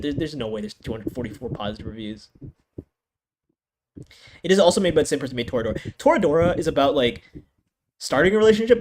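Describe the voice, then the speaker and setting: Exasperated young man ranting, lively pitch. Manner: exasperated, profane rant with frequent restarts. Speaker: anime reviewer. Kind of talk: casual ranking commentary. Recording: noisy home recording.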